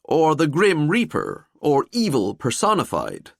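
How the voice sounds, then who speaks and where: A male narrator voicing a living skeleton detective who talks in a wry, chatty, calm way. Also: medium pitch, a little slow, gravelly, no echo, studio quality, pitched above the performer's own voice, exaggerated voice.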